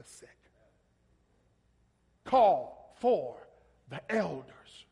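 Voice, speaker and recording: Male pastor, very high voice, sermon with call-and-response, long hall reverb. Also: animated, moderate pace, a bit bright. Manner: call-and-response, prompting listeners to finish verses; talks directly to a congregation member.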